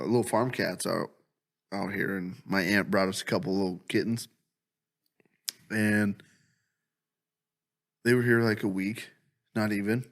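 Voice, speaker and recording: Profane, laughing man telling stories. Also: lowish voice. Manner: profane, laughing storyteller who acts out his own lines. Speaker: podcast co-host. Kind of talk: casual comedy podcast chat. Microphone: studio podcast mic.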